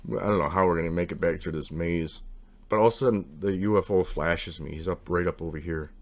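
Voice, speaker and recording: A man casually telling a long, rambling personal story, acting out what people said. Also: quick pace. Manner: rambling, animated, acts out quotes with raised pitch.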